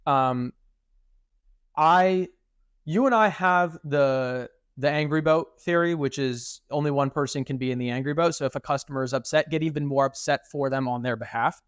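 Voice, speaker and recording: A young man co-hosting a podcast in casual chat, animated and acting out quoted speech. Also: a little high, moderate pace, smooth, dry recording, clean studio sound. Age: young adult. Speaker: podcast co-host.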